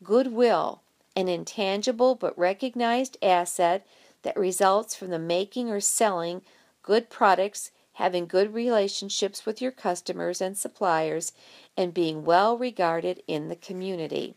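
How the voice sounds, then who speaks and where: A woman's voice: medium pitch, a little slow, a little mellow, natural voice. A woman voicing an eager, insistent young girl who is competitive and stubborn. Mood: explaining.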